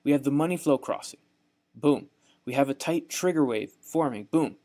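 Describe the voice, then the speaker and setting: This young man, Southern accent and all, narrates a trading course on a screen share in a mellow, expressive, mid-range voice at normal speed. Folksy and repetitive, he often checks in by saying "right?"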